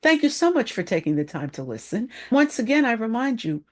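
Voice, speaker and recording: A woman leadership coach giving a live-stream talk, speaking slowly and deliberately with planned pauses. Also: fairly high pitch, big pitch swings, darkish tone.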